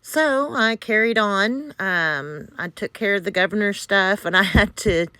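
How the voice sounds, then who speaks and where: Slow-talking woman telling a rambling story. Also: mid-range voice, pushed and bright, smooth, no echo. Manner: rambling, many fillers, laughs often, candid swearing. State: a little out of breath. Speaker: game community member recounting events. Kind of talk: casual storytelling.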